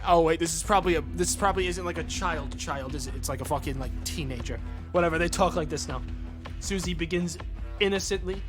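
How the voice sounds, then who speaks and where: A man's voice: sits high, expressive, brisk, a bit bright, faint music behind. A man streaming a narrative game, reading its narration aloud and ranting profanely at it between lines. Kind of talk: casual let's play commentary.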